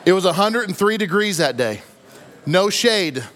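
Casting note: male pastor, high voice, lively storyteller, echoing church hall. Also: moderate pace. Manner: animated storytelling, acts out quotes. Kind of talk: sermon. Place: church sanctuary. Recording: long reverb of a church hall.

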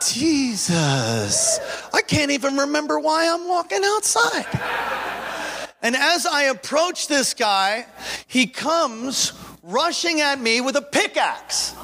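Bright, sharp-toned man in his forties preaching a lively sermon, animated storyteller. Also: very high-pitched, slight background noise. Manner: animated storytelling, acting out scenes, preaching to a congregation. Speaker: pastor.

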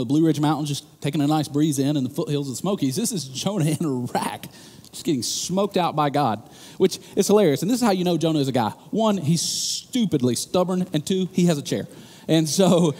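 A high-sitting male voice preaches in a large hall, recounting the story from the stage with animation and jokes and rising to emphatic bursts.

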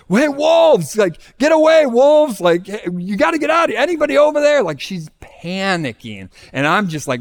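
Higher-voiced man preaching a sermon. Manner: conversational storytelling preacher. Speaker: pastor.

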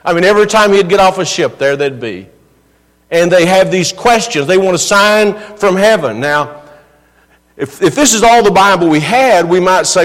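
High-voiced pastor preaching in a hall. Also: male voice, animated, moderate pace, a bit bright. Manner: earnest preaching with rising emphatic questions. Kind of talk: sermon. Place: church sanctuary.

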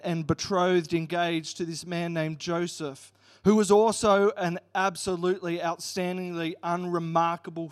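A man delivers a sermon to his congregation, telling a Bible story in an earnest way. His voice sits high for a man. He reads passages aloud as he goes. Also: clean tone. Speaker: pastor.

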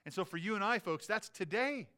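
Male pastor, earnest preacher, bright crisp voice, moves between emphatic and hushed. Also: sits high, animated, fairly quick. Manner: earnest preaching, rising to emphatic peaks, dropping to hushed quiet. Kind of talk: sermon.

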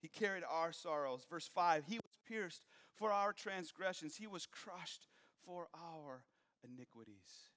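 A man preaching a sermon, moving from hushed, low passages to raised, emphatic ones. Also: expressive, measured pace, long reverb tail.

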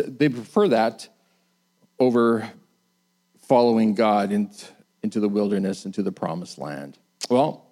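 Male preacher, animated sermon delivery with emphatic peaks. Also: medium pitch. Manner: animated, rising to emphatic bursts; acts out the complaining crowd in quoted lines.

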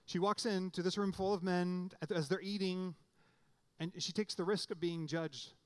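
A man with a somewhat high voice preaching a sermon in a relaxed, conversational way. He often restarts his phrases and then jumps up in pitch to stress a point. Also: moderate pace, clean tone. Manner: conversational preaching with restarts and sudden emphatic rises. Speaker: pastor.

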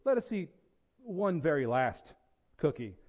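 A man reading a children's storybook, putting on a slightly higher, eager voice for a greedy young male toad. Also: sing-song, measured pace, dull audio.

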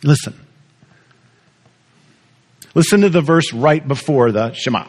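A man preaching a sermon, teaching with lively repetition and questions to the congregation. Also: a little high, fairly quick, breathy edge. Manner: animated teaching, repeats words, asks the audience questions. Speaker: pastor.

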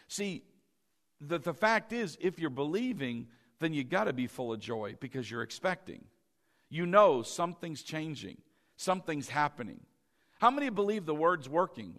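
Man, preacher, high voice, bright tone, fervent, soft to shouting. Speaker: pastor. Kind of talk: sermon.

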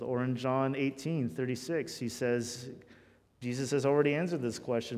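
A man preaching a sermon as pastor, earnest, moving between loud emphasis and hushed intensity. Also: medium pitch, fairly even intonation, a little slow. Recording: long hall reverb.

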